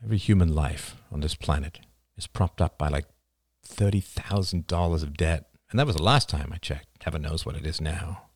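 A man's voice: extremely low pitch, moderate pace, no echo. A man voicing an intense young prepper lecturing. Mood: urgent lecturing. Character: earnest young man warning of collapse.

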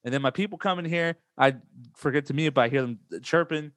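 A man chatting casually about online gaming as podcast host, animated and swinging up in pitch when he rants. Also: fast, no room sound, clean studio sound.

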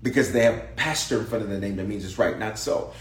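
In the echoey space of a large church sanctuary, a male pastor preaches fast in a voice on the low side. He's emphatic, repeats phrases, and calls out to the congregation throughout his sermon.

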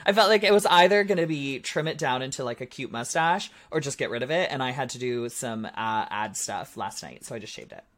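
Podcast co-host, woman, low voice with lots of swing, playful banter. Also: expressive, a little fast, hardly any pauses. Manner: playful, self-deprecating. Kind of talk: casual chat.

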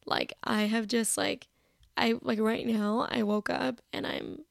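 A young woman in her twenties talks on her own for a podcast, rambling and chatty, often critical of herself. Her voice sits a bit high with plenty of vocal fry. The recording is close and dry, made from her bed. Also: fairly even intonation, a little slow, no room sound. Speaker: podcast host. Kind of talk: casual solo chat. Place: bedroom, sitting on her bed. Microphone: personal mic.

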